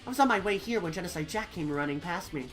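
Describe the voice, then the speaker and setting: A woman voicing a calm, composed young female detective in a fan game playthrough, speaking low and measured. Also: soft background music, lightly acted. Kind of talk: fan voice-acting while playing a game.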